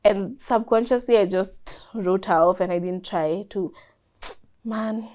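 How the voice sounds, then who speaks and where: A young woman, a guest in an interview, telling a personal story in a lively way and acting out what people said. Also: medium pitch, a little slow. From Kenya. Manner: animated storyteller, acts out quoted dialogue.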